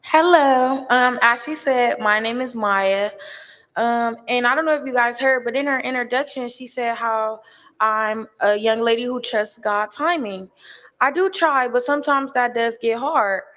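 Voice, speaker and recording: A teenage girl, a high school student, sharing a personal testimony in an earnest, halting way with frequent fillers. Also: a bit bright. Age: teens. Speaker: student speaker. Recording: reverberant hall.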